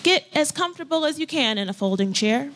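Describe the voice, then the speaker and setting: In a church hall set with folding chairs, a pastor guides her congregation through scripture in a slightly high voice with lively intonation. Her delivery is gentle and unhurried, full of pauses and invitations to quiet reflection, and a little hiss or hum sits under the recording.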